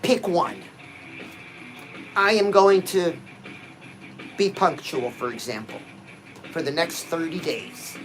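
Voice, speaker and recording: A man's voice: on the high side, expressive, slow pace, long pauses, a bit bright, faint music behind, rough recording. A man giving a punchy, exhorting motivational pep talk to his viewers, dropping frequent "oh"s as he talks. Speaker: motivational livestream host.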